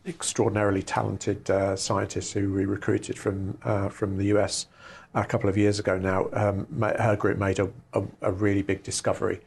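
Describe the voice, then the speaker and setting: Gravelly low-voiced man explaining earnestly. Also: little pitch movement, normal speed, darkish tone. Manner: earnest, explains in long careful sentences. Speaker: lab executive director and scientist. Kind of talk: interview answers.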